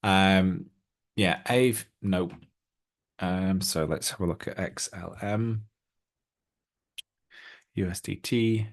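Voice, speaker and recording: Low gravelly man talking through charts. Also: slow pace, pauses often. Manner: chatty, excitable, lots of ums. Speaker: crypto trading channel host. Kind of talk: casual chart walkthrough.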